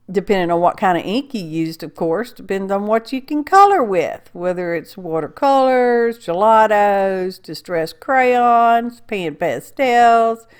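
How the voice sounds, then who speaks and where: A woman giving a casual, folksy craft tutorial, chatting and rambling as she works and often checking in with "okay?". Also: mid-range voice. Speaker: card-making crafter.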